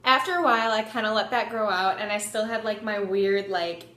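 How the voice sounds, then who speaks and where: A woman's voice: mid-range voice, fairly quick, heavy background noise. Chatty young woman in an echoey room. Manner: animated, swears freely, lots of "like". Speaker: vlogger. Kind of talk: casual storytelling.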